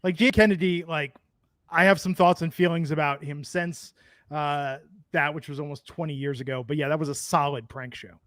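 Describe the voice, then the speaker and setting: A man's voice: fairly high pitch, fairly even intonation, normal speed, a bit bright, dry recording, studio quality. A man co-hosting a podcast in casual chat, a rambling storyteller who laughs often. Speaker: podcast co-host.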